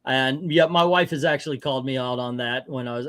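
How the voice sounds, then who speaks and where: A man's voice: mid-range voice, brisk, fairly bright tone, no room sound. A middle-aged man hosting a casual movie chat, joking, rambling and emphatic. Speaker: host.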